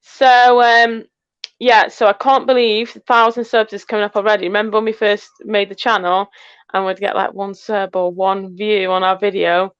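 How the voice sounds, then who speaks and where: A woman's voice: medium pitch, little pitch movement, normal speed, smooth, no room sound, muffled recording. An English woman co-hosting a casual live chat, teasing her friend and reading out viewer comments. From England. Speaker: co-host of a metal detecting channel.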